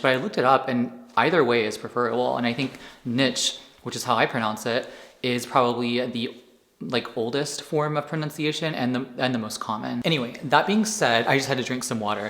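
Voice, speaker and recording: Male vlogger, average pitch, loose rambling delivery, roomy echoey sound. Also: a bit bright. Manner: rambling, restarts with many fillers. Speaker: anti-aging content creator. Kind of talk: unedited sit-down vlog.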